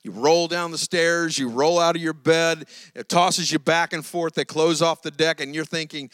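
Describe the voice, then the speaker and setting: A man preaching a sermon, retelling a Bible story in an animated storytelling way. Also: on the high side, normal speed, dry recording. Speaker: pastor.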